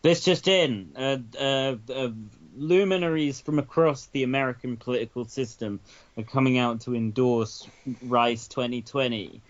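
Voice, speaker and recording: A man's voice: mid-range voice, steady tone, normal speed, highs cut off. A man hosting a comedic podcast, rambling with lots of stammered restarts, swearing and laughter. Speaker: podcast host.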